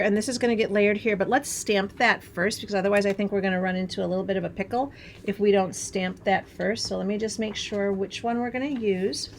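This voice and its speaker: A woman's voice: mid-range voice, slight background noise. A middle-aged woman from Wisconsin hosting a craft tutorial, chatting in a bubbly way as she works and laughing at herself. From Wisconsin, USA. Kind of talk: chatty hands-on craft demonstration.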